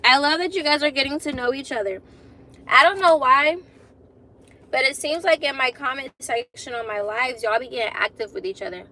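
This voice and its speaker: A woman's voice: high-pitched, moderate pace, sharp tone. A woman in her twenties chatting casually with viewers on a phone live stream, laughing often and repeating herself. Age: 20s. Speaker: vlogger hosting a live stream.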